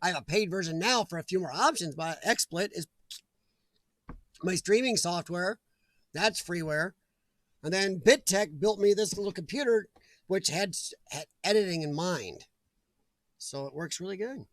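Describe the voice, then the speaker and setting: A man's voice: high-pitched, fairly bright tone, dry recording. A middle-aged man hosting a casual live stream from his home, rambling in a chatty way and answering viewer comments. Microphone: desk mic.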